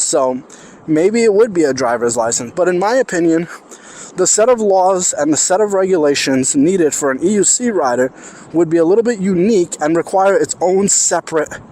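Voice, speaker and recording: A man's voice: on the high side, darkish tone, a little hiss or hum. Chatty New York man vlogging on the street. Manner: rambling, chatty, thinks aloud with restarts. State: parched, voice getting strained. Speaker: vlogger riding an electric unicycle. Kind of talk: casual vlog talk while riding. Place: outdoors on city streets. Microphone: clip-on mic while riding.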